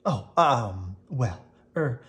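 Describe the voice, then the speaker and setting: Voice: mid-range voice, animated, very slow, a bit bright. A storyteller voicing a nervous grown man in a children's storybook, fumbling and hesitant. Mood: flustered. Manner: hesitant, flustered.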